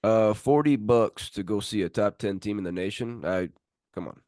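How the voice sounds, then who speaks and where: A man's voice: lowish voice, normal speed, darkish tone, no echo, clean studio sound. A man hosting a sports podcast, chatting in laid-back, friendly banter. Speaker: podcast host. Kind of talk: casual chat.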